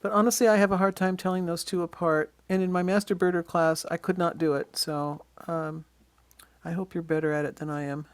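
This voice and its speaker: A birding instructor giving a casual slide-show lesson on bird identification, pointing out features in photos and often pausing with ums and uhs. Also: medium pitch, flat delivery, clean tone. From Western Washington.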